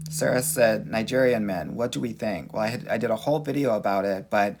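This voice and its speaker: A sassy, animated man from Los Angeles with a Valley accent, a dating coach answering viewer questions on a livestream. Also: lowish voice, fairly quick, noisy background.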